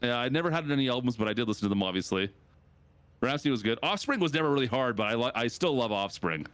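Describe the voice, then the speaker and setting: A Canadian man streams and chats with his viewers in a rambling, lively way. His pitch swings widely, leaping up whenever he reacts to something. The sound is close and dry, with no room in it. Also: fast talker, clear, resonant tone, dry recording. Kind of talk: casual chat with chat while gaming.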